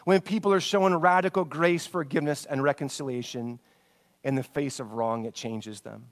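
A man preaching a sermon, retelling stories with animated swings between loud emphasis and hushed passages, sometimes stumbling over names. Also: fairly high pitch, normal speed. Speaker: pastor.

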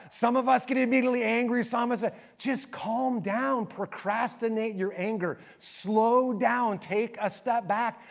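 A male pastor giving a sermon, telling stories in an animated way and swinging between raised, lively bursts and soft, hushed passages. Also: very high voice, creaky.

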